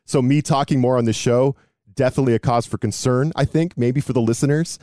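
A man in his thirties hosting a casual sports podcast, chatty and self-deprecating, with quick asides. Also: mid-range voice, warm tone, no room sound, studio quality. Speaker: podcast host.

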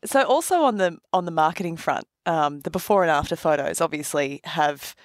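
A woman hosting an interview, asking measured, probing questions. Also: sits low, animated, no echo, clean studio sound.

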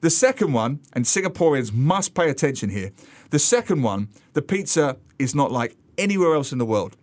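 A man who is a regular contributor, columnist and author, telling humorous travel anecdotes in a lively way on a radio show. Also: mid-range voice, moderate pace.

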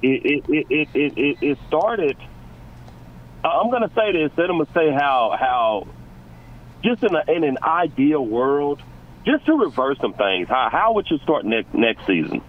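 A man calling into a sports radio show, ranting excitably and stumbling over repeated words. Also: on the high side, normal speed, narrow, tinny audio. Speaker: caller.

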